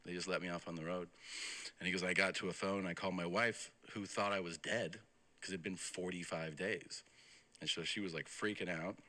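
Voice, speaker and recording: A man's voice: low voice, brisk. A man telling a story on a podcast in a casual, profane way, quoting the people in it. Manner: profane, animated storytelling that quotes others. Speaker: podcast guest. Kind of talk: casual anecdote.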